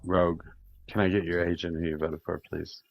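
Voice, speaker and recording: Very deep-voiced sarcastic man. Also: level tone, brisk, vocal fry, lo-fi sound, a little hiss or hum. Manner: sarcastic, blunt. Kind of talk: casual debate.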